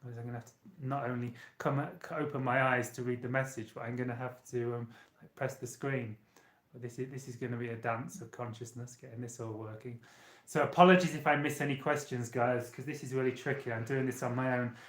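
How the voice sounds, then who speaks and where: A man's voice: mid-range voice, little pitch movement, a little fast. Chatty man in a roomy room. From United Kingdom. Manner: chatty and rambling, talks straight to viewers. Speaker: channeler and live-stream host. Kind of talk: casual live-stream chat. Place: small hotel room. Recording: roomy echo.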